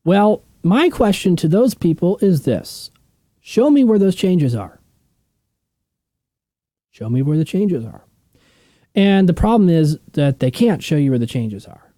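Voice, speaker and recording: A man's voice: high voice, very animated, unhurried, long pauses, warm tone, no room sound. A man teaching a Bible study in a casual, emphatic, conversational way, often checking in with his listeners.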